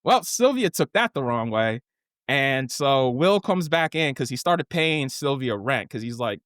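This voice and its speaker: A man co-hosting a podcast, casually recapping a TV show with lively, profane storytelling and acted-out quotes. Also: medium pitch, measured pace, dry recording, clean studio sound. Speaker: podcast co-host.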